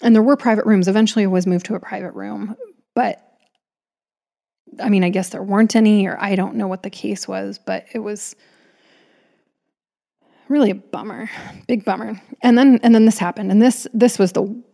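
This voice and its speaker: A woman's voice: medium pitch, fairly even intonation, normal speed, creaky, long pauses, dark tone. A woman in her thirties casually telling a personal story, chatty, with frequent restarts and asides.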